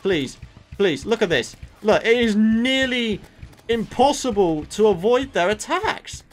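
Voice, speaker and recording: A man's voice: sits high, lively intonation, a little slow. Exasperated man doing game commentary. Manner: exasperated, exclamatory, swings between mutters and outbursts. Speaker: gaming YouTuber. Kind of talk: Let's Play commentary.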